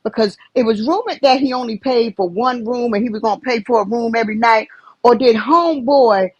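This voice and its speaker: A woman's voice: a little high, fairly quick, breathy edge, dry recording, highs cut off. A woman on a video call, chatty and affectionate, asking a question with nervous restarts. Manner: chatty, calls people baby, nervous restarts. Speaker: panelist. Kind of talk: casual chat on a live stream.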